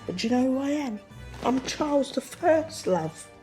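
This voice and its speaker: A woman's voice: expressive, normal speed, warm tone, soft background music. A woman voicing an arrogant king who boasts in street slang. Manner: boastful, slangy, drops low. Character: swaggering arrogant king, man.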